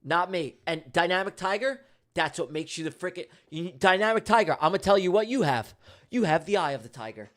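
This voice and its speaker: His voice sits high, sounding expressive and fairly bright, and he talks briskly. As he day trades live on stream, he jokes with his chat casually and emphatically, heavy on slang and repetition.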